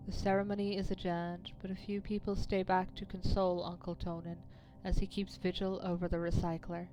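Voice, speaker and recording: A woman's voice: on the low side, level tone, fairly quick, low-quality recording. A woman streamer reading a narrative game aloud, with wry, swearing asides to her chat. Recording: game music behind voice.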